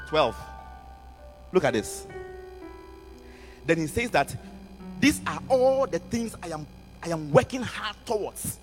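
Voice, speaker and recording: A man preaching a sermon to students, animated, repeating words and asking the audience questions. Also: fairly high pitch, takes it slowly, pauses often. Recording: music underneath, long hall reverb.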